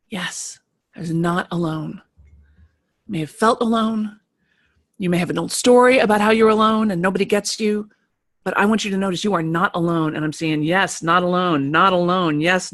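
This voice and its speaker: Speaking in a lowish voice, a woman delivers a live motivational talk to an online group of creatives. She's emphatic and animated, repeating her key phrases.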